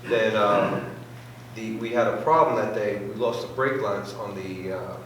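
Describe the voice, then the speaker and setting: A man's voice: fairly low pitch, measured pace. Man, casual storyteller, acts out voices and sound effects, very echoey room, distant mic. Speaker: club member sharing a racing story. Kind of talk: casual anecdote to a group. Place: club meeting room. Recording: very echoey room, voice far from mic, faint noise.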